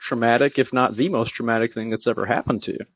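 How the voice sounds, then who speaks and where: A man's voice: medium pitch, fairly even intonation, fast, dry recording. A man hosting a podcast, reflecting on his guest's story and often restarting his phrases. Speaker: podcast host. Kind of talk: conversational interview. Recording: tinny phone-like line, dry.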